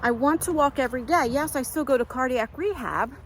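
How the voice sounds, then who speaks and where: A woman's voice: high-pitched, brisk, a little hiss or hum, poor audio. A middle-aged woman rambling casually as she vlogs on a walk outdoors, talking into a handheld phone. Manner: chatty, rambling, many fillers. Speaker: vlogger. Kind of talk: casual walk-and-talk vlog.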